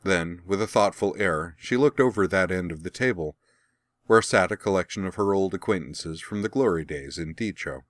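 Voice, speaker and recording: Brief: male audiobook narrator, very low voice, wry and even, close dry recording. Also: normal speed, dry recording. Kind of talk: scripted audiobook narration of fan fiction.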